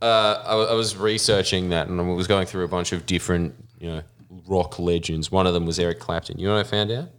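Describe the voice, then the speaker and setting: A man's voice: sits low, fairly even intonation, brisk, few pauses, fairly bright tone. A young man in casual podcast chat, telling stories with dry, sardonic humor.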